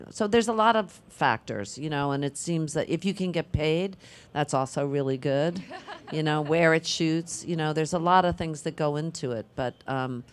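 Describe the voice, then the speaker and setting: A middle-aged actress answering on a panel, thinking aloud in a rambling, conversational way. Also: female voice, deep voice.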